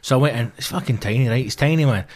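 A man in his thirties with a Glaswegian accent, a comedian swearing his way through an animated anecdote in casual podcast chat. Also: medium pitch, very fast. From Scotland. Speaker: stand-up comedian guest.

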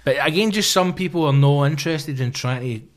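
A man's voice: on the high side, fairly quick. A Glaswegian man, a comedian, chatting casually and telling gig stories full of swearing and acted-out voices. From Scotland. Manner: swears a lot, acts out voices in anecdotes. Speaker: comedian guest. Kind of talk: casual podcast chat.

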